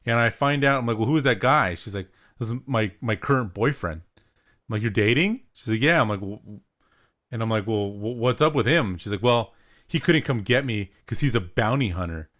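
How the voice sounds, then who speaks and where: A young man co-hosting a podcast, telling a story in a relaxed, rambling way with lots of filler words. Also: lowish voice, normal speed. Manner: laid-back, rambling, with lots of "like". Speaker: podcast co-host. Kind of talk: casual storytelling.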